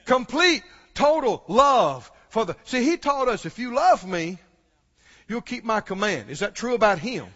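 Man, preacher, sermon, impassioned, animated pitch, long hall reverb, dull lo-fi sound. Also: measured pace. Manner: impassioned, rising to exclamations, asks the listeners questions.

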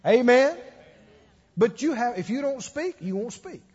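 A preacher delivers his sermon in a high, slightly husky voice, acting out the people in his stories. The recording is muffled, and a long echo hangs in the church hall. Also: measured pace. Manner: animated storytelling with acted-out quotes and laughter. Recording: dull echoey church hall.

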